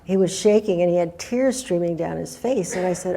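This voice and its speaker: A woman's voice: lowish voice, a little fast, vocal fry, few pauses, warm tone, slight background noise. Older woman telling a rambling story. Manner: meandering, with restarts and acted-out quotes. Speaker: guest storyteller. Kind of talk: casual spoken storytelling.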